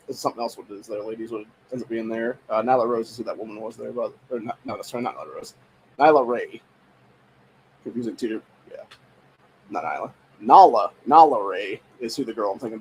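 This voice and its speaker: A man's voice: mid-range voice, warm tone, slight background noise, rough recording. A man hosting a podcast, giving rambling, profane political commentary in a dismissive, ranting tone, full of filler phrases. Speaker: podcast host.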